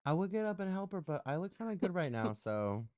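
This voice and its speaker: A man's voice: sits high, big pitch swings, fast talker, darkish tone, clean tone, dry recording. A man hosting a podcast in casual chat, playful, campy and teasing. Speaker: podcast host.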